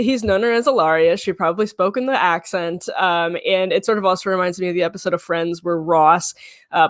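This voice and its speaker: A woman co-hosting a casual political chat, animated, laughing often and talking quickly. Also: fairly low pitch, no echo, studio quality. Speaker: culture editor and co-host.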